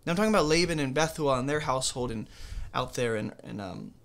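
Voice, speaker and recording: Bright-voiced man teaching a Bible study. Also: medium pitch, lively intonation, fast.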